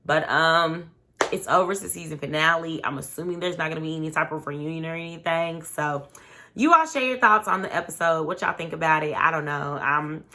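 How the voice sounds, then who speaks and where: A woman's voice: sits low, fairly quick, bright, forceful tone, slight background noise. A young woman casually recapping a reality TV episode, chatty, acting out what each person said. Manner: chatty, retells scenes by acting out quotes. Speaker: reality TV commentator and show host.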